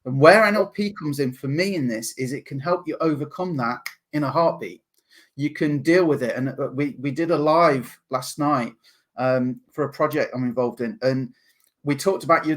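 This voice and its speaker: An English man talking as a podcast guest, animated and laughing often as he acts out other people's voices. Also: a little high, moderate pace. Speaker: guest, NLP practitioner. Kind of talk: podcast interview.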